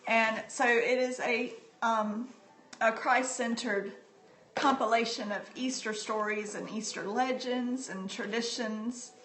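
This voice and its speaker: A fairly high-voiced middle-aged woman talking about books on a casual phone live stream. She sounds chatty and heartfelt, with plenty of ums. The echoey room has a faint hum of noise behind her. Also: fairly even intonation, takes it slowly, a bit bright. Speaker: livestream host sharing books.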